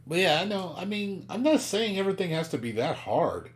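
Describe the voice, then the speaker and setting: A man's voice: sits high, sing-song, fairly quick. Male streamer, casual exasperated rant, profane, mimics others mockingly. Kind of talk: casual chat.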